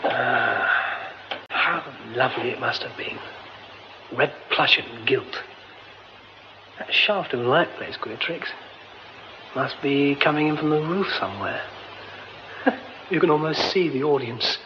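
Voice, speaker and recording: An actor playing a flustered young theatre director, muttering to himself in a radio drama. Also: male voice, mid-range voice, slow, long pauses, highs cut off, noisy background, lightly acted. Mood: musing. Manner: muttering to himself, then panicked.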